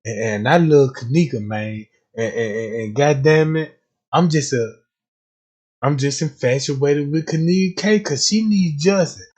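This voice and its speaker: Slow-talking country-accented man, streaming. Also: a little high, darkish tone. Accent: Southern US, country. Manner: profane, repeats words while stumbling; keeps asking listeners if they follow. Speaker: livestream host. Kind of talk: casual livestream commentary.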